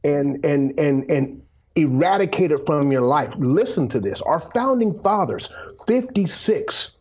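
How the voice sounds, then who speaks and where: Husky, emphatic motivational speaker man. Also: a little high, lively intonation, unhurried, a little mellow. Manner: emphatic, repeats words, drops to a near whisper for emphasis. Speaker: guest, former pro football player and author. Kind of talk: motivational storytelling. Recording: dull lo-fi sound.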